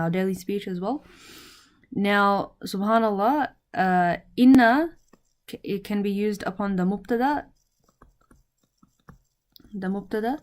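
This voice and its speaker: A woman teaching an Arabic grammar lesson, explaining patiently with many fillers and restarts and reciting prayers quickly. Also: mid-range voice. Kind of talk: casual recorded lesson.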